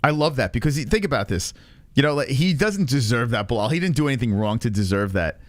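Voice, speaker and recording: Man, reaction stream host, swears a lot, laughs often, lively pitch, dry close sound. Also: fast talker, no echo. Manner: profane, laughs often, animated.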